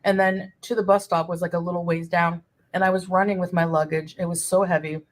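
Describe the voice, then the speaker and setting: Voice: medium pitch, little pitch movement, a little fast, rough recording. A vlogger telling a rambling, chatty travel story while eating on camera. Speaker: vlogger in clip.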